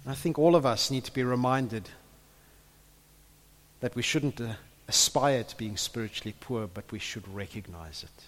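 A man preaching a sermon, earnest, building to loud impassioned peaks and repeating his words as he goes. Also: medium pitch. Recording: echoey hall with long reverb.

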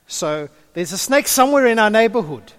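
Talking fairly quickly in a high voice, the pastor delivers an animated, story-filled sermon. He keeps up a friendly back-and-forth with the congregation.

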